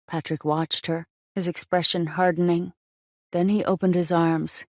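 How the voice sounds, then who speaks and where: Woman narrator, romance audiobook, lowish voice, dry close sound. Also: little pitch movement, measured pace, darkish tone, dry recording.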